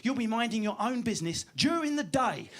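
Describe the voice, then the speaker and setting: An English man performing a fast, animated stand-up comedy routine on a club stage, slipping into put-on voices. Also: extremely high pitch. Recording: live club recording with audible audience. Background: audience laughter.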